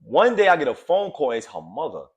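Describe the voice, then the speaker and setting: Animated man telling a story. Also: fairly high pitch, brisk, background noise. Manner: animated, profane, acts out quotes. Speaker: podcast co-host. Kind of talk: casual storytelling chat.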